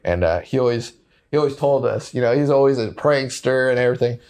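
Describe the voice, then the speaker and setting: A man's voice: medium pitch, lively intonation, fast talker, a little mellow. Easygoing man telling stories with laughs. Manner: laid-back, laughs often, many fillers. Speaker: podcast guest, Marine veteran. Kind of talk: casual storytelling chat.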